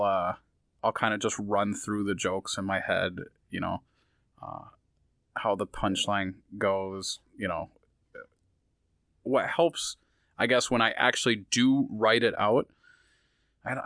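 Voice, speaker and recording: Man, low voice, casual podcast chat, rambling with fillers, dry close sound. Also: a bit bright, dry recording. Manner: rambling, many fillers and restarts. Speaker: comedian guest.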